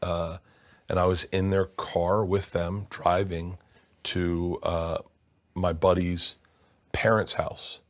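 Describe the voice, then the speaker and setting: Low-voiced man telling an earnest story. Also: level tone. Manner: earnest and halting, with many restarts. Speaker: comedian guest. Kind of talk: casual storytelling.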